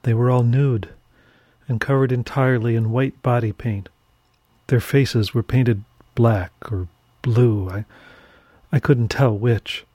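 A man narrating a first-person horror story in a measured, dramatic storytelling manner. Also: mid-range voice, fairly even intonation, dark tone, dry recording.

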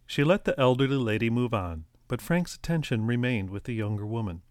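A man reading a story aloud as an audiobook narrator, in a steady, even storytelling manner. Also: medium pitch, a little fast, no echo, studio quality.

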